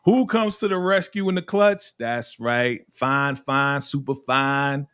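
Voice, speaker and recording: Animated man hosting a casual recap. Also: slow pace, smooth. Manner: animated, laughing often, swinging between high and low voice. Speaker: host of a TV recap show. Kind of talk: casual episode review chat.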